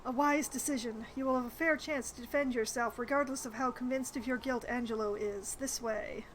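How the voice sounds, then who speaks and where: A woman's voice: on the high side, steady tone, fairly quick, slight background noise, low-quality recording. A woman streaming a role-playing game, reading the dialogue aloud and adding wry, chatty asides. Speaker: gamer streaming a playthrough.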